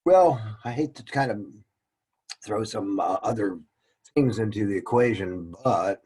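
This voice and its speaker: This man teaches an informal lesson in a meandering way, poking fun at himself as he goes. His fairly low voice is a little mellow and slightly rough, with lively intonation and a measured pace, and the recording quality is rough.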